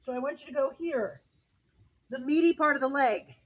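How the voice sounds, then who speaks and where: A woman's voice: sits high, normal speed. A woman fitness coach and host, slightly out of breath, energetically demonstrating a workout outdoors by a pool and encouraging viewers while reading their comments. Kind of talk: live workout demo and motivational talk. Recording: loud background noise with clicks.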